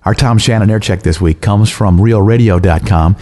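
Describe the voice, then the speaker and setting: Mellow-voiced male radio host. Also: fairly low pitch. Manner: measured announcer delivery. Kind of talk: scripted radio presenting.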